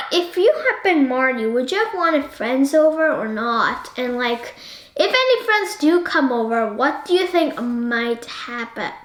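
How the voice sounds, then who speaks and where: A woman's voice: high-pitched, fairly bright tone, roomy sound. A woman hosting a casual book discussion, rambling and asking the listener one question after another.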